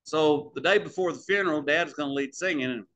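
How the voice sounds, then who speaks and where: A man's voice: fairly high pitch, brisk, fairly bright tone. A man preaching the close of a sermon in a small church, in a folksy storytelling way that speaks to the congregation as folks.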